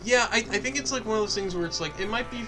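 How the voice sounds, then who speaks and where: A man's voice: high voice, very fast, over music. A man co-hosting a gaming video, rambling and teasing his friend in casual chat. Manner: rambling, restarts a lot, teasing. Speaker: gaming channel co-host. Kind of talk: casual chat over gameplay.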